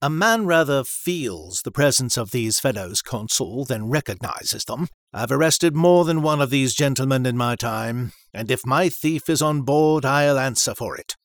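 Guy doing a cocky stubborn detective, steady mid voice. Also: medium pitch, measured pace, hardly any pauses, no echo, studio quality, pitched above the performer's own voice. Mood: insistent. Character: stubborn male police detective, self-assured. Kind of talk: storybook reading.

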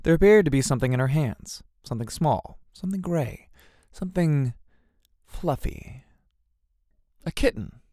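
Expressive male storyteller. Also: on the high side, moderate pace, long pauses, no echo, clean studio sound. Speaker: narrator. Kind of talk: storybook reading.

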